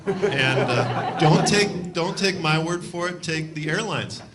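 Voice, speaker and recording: Man from Ohio, stand-up comic, loose and self-mocking; slightly high voice, heavy noise behind. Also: lively intonation, slow pace. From Cleveland, Ohio. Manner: self-deprecating, loose and conversational. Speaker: stand-up comedian. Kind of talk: live stand-up routine. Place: comedy club stage.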